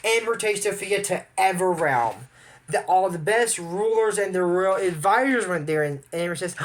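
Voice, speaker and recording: A man's voice: high voice, lively intonation, normal speed, fairly bright tone, slight background noise. A young man from Amarillo, Texas, chatting casually as he reviews a cartoon episode. He rambles and adds apologetic asides. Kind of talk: casual commentary.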